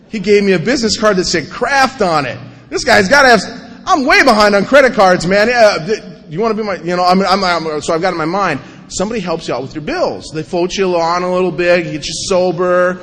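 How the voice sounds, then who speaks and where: High-voiced man telling a wry story in a hall. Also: a little fast. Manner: animated, wry storytelling that acts out the scenes. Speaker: recovery meeting speaker. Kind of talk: personal recovery story told to a meeting. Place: large meeting hall before an audience. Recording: long hall reverb.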